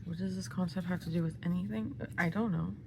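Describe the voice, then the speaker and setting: An excitable woman, chatting casually and gushing through an unboxing, often dropping into a half-whisper. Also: fairly low pitch, fast talker, background noise. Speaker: vlogger unboxing albums.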